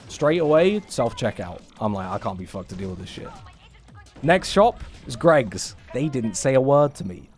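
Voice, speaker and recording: A man's voice: a little high, a little mellow. A young English man on a casual livestream, rambling in a sarcastic, sweary way. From England. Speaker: streamer.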